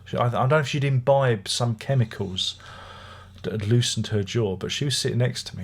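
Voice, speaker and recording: A husky-voiced middle-aged man talks through a music review in a loose, rambling way. His chest sounds rough from being unwell, and he slips into wry, grumbling asides. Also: medium pitch, steady tone, fairly quick. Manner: chatty, wry, grumbling anecdotes. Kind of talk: casual rambling review monologue.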